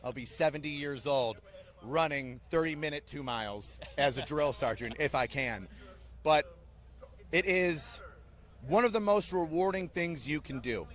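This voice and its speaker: Speaking a little slowly in a fairly high voice, a man who serves as an army drill sergeant recounts stories in an interview. He is animated, blunt and joking as he tells them.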